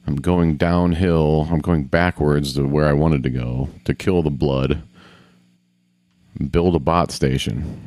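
A man's voice: rumbling low, darkish tone, dry recording. A man casually commenting on a video game as he plays, grumbling, swearing and talking to himself. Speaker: gamer.

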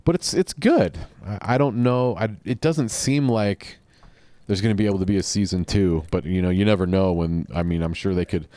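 Man, low voice, rambling casual podcast talk, dry close mic. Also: a little fast, warm tone, no room sound. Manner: rambling, offhand, profane. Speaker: podcast host. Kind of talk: casual solo podcast chat.

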